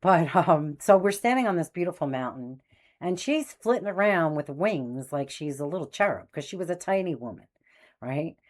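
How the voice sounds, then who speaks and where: Woman in her sixties, a medium telling personal stories in a low voice, animated, acts out voices. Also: normal speed. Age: 60s. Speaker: spiritual medium host. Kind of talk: personal storytelling.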